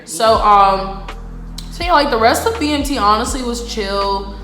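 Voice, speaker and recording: A woman's voice: a little high, measured pace, a bit bright, slight background noise. A young adult woman chatting casually in a vlog, full of "like" and "um". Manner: chatty, loose, lots of "like" and "um". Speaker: vlogger. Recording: echoey room with background music.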